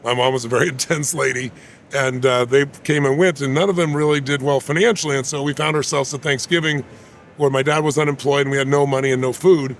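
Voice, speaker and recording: A man's voice: mid-range voice, fairly even intonation, fast, slight background noise. A man, an interview guest, telling a personal story with animation and acting out the quoted voices.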